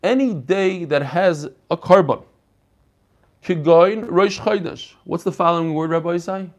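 Man, Talmud teacher, lively, slightly high voice, video call mic. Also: a little slow. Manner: animated, questioning the class. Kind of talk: online Talmud class. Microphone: computer mic on a video call.

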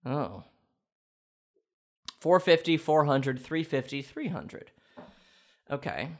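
A young man with a lively, far-ranging pitch hosts his own sports quiz for laughs. He reasons out loud, bursts into shouts when he scores, then drops to quiet grumbles when he misses. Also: takes it slowly. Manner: animated, thinks out loud, swings from shouting to muttering. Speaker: quiz contestant and host. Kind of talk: comedic solo quiz challenge.

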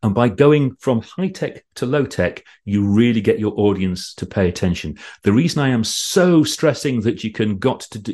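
A man giving an online conference talk on presentations, lively and conversational, with a fairly low voice. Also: breathy edge. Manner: lively, animated, loose and conversational. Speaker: presentation coach.

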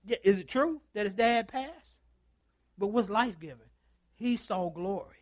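A male pastor with a high, light voice preaches in a dry, close sound with little room echo. He tells a story and plays both sides of a conversation, then drops to a hush and draws out his phrases. He calls for answers from his listeners as he goes. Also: animated. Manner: storytelling, acts out both sides of a phone call; swings from loud to hushed, drawn-out phrases. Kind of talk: sermon. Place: church.

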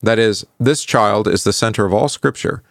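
A man leads a Bible study lesson with a low, gravelly voice. He talks in a conversational, questioning way, tagging his points with "right?" and stumbling over fillers as he recalls verses. The sound is dry and close, with no room around it. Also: dry recording. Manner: halting, with many fillers while recalling verses. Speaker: pastor teaching a Bible class.

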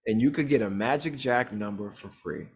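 A man's voice: on the low side, normal speed, a little mellow, slightly rough. A man chatting casually, using loose slang and laughing often. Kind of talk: casual chat.

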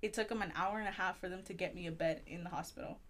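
A young woman telling a personal story in casual chat, animated, swearing a lot and acting out the voices she quotes. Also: lowish voice, fast talker. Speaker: guest storyteller.

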